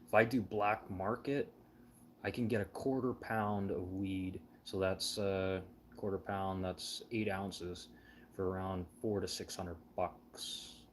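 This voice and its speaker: A man with a fairly low voice spins loose, meandering stories in casual chat. He swears often and laughs at his own tales. A faint background hum sits under the voice. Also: fairly even intonation, takes it slowly. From Canada. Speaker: show host.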